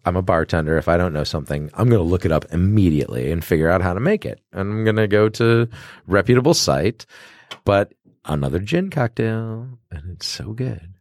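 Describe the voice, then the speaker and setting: A man's voice: low voice, brisk, dry recording, studio quality. A man, a bartender co-hosting a casual podcast, chatting about cocktails and acting out customers as he tells stories. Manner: animated storyteller who acts out customers in quoted voices.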